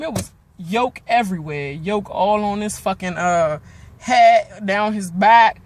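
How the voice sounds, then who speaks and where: A man, giving a profane, animated recap of a reality show episode while still angry. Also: high-pitched, takes it slowly. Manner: animated, swearing, trails off into asides. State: angry and worked up. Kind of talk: casual profane recap rant.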